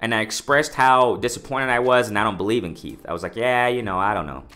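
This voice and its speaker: A man with a lowish voice talks fast in a casual boxing commentary vlog. Excited and repetitive, he keeps calling out "ladies and gentlemen" and restarting his sentences.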